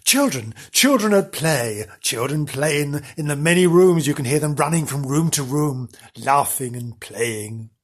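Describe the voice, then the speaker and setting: A man from Wales hosts a comic ghost-story show, drawing out his words in a hammy, mock-spooky way. His voice is slightly husky. He lets his sighs and murmurs linger between the lines. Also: fairly high pitch, expressive, unhurried, hardly any pauses. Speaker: host.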